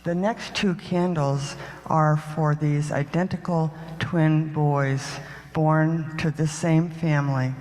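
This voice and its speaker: An older congregant speaking to a church about family joy and loss, hesitant and full of pauses. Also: mid-range voice, fairly even intonation, darkish tone. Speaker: congregant lighting candles. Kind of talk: spontaneous personal remarks. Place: church sanctuary. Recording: long reverb of a church hall.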